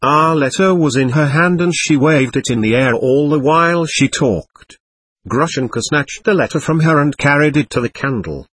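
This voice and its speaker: A man narrating a classic novel aloud with a dramatic, expressive reading. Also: a little high, normal speed, breathy edge, dry recording. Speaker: audiobook narrator.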